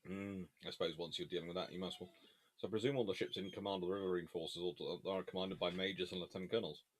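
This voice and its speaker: Low-voiced man chatting through viewer questions. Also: fairly even intonation, fast, husky. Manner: reads viewer questions aloud and answers offhand, eating between remarks. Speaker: host and naval historian. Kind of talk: casual live Q&A chat.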